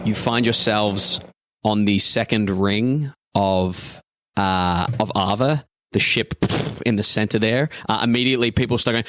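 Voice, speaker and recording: A man's voice: lowish voice, a little slow, fairly bright tone, dry recording. A man narrating a tabletop game as game master, describing scenes at length with frequent hesitations. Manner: descriptive, hesitant with many uhs.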